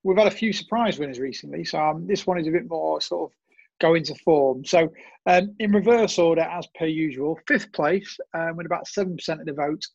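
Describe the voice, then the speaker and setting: A man's voice: fairly high pitch, a little fast, creaky, a little mellow, breathy edge, no room sound, highs cut off. A man co-hosting a casual podcast, jokey and easygoing, teasing his friend. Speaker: podcast co-host.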